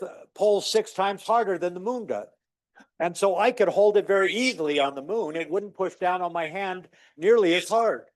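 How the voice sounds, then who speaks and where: A middle-aged man teaching a university physics lecture, explaining with stories and demos in an animated storytelling way. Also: no room sound. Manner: animated storyteller, acts out dialogue with rising pitch. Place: lecture hall.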